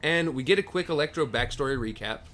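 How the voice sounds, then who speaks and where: A man's voice: on the high side, expressive, fast talker, a bit bright, a little hiss or hum. A man co-hosting a podcast, casually recapping comic book plots at length with dry jokes. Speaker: podcast co-host.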